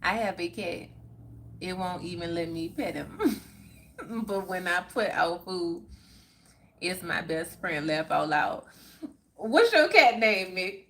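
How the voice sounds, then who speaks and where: A middle-aged woman runs a live stream, chatting casually and reading viewer comments out loud while laughing often, her delivery drawn out and unhurried. Her voice is on the low side, expressive and fairly bright, with slight background noise.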